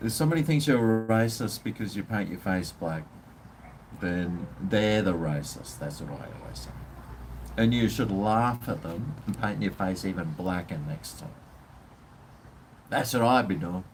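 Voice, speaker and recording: A man's voice: fairly low pitch, animated, moderate pace, background noise. A man with an Australian accent, ranting bluntly and swearing as he chats casually with viewers on his livestream. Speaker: live stream host.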